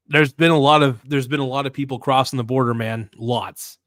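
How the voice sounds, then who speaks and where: A man's voice: medium pitch, a bit bright, dry recording, clean studio sound. Blunt, slangy male livestream host. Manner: blunt, slangy and profane, reading viewer comments aloud; rambling with frequent restarts. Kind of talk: casual livestream commentary.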